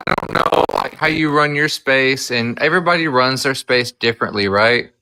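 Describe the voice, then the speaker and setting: A man hosting a livestream debate panel, measured and trying to calm things down. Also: medium pitch, smooth.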